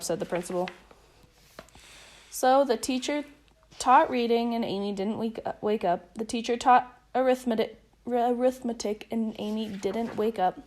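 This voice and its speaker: A woman reading a children's picture book aloud in a lively, expressive way. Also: on the high side, a little fast. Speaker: storybook reader.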